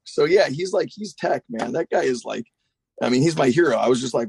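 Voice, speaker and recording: Fast-talking, gravelly man telling stories. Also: fairly high pitch, no echo. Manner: rambling, profane, animated. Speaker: guest. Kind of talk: casual storytelling.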